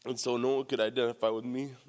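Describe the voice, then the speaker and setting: A man sharing at a recovery meeting speaks quickly in a mid-range, slightly mellow voice with little pitch movement. Emotional and nearly crying, he talks bluntly, curses often, and keeps saying "you know" and "man." The room carries a long hall reverb.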